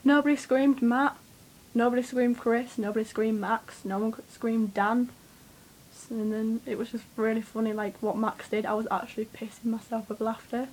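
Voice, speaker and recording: A young woman, telling a rambling, excitable story to camera, swearing freely and with lots of fillers. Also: fairly high pitch, normal speed, rough recording. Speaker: vlogger.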